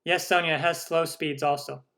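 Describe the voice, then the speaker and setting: A man's voice: on the high side, steady tone, normal speed, sharp tone. Upbeat man hosting a live cooking Q&A. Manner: chatty, enthusiastic, reads out viewer questions. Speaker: cooking channel host. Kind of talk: live stream Q&A.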